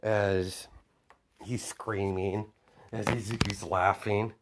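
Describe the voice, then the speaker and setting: A man's voice: fairly low pitch, level tone, takes it slowly, noisy background. A man improvising a fan story as a storyteller, rambling with many fillers and self-corrections.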